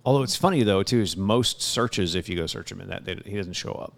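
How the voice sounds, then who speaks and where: A man's voice: low-pitched, fairly quick, creaky. A man co-hosting a casual chat, telling stories in an easygoing way, often trailing off and restarting. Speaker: podcast co-host.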